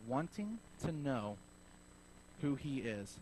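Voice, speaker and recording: A man preaching a sermon as pastor, telling a story in a lively way and acting out both sides of the conversation. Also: medium pitch, normal speed, slight background noise, poor audio. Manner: animated storyteller acting out dialogue.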